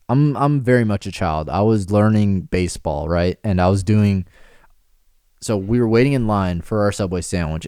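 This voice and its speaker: A man's voice: low voice, a little mellow, smooth, no room sound, clean studio sound. A man hosting a podcast, telling a childhood story in casual chat, laughing often and acting out voices. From Mexican heritage. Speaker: podcast host.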